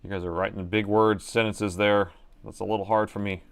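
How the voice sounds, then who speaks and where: The audio is clean with no echo as a middle-aged man streams a repair job live from his indoor workbench. Chatty and thinking aloud, he mutters as he goes, in a lowish, flat voice with vocal fry, a little on the fast side.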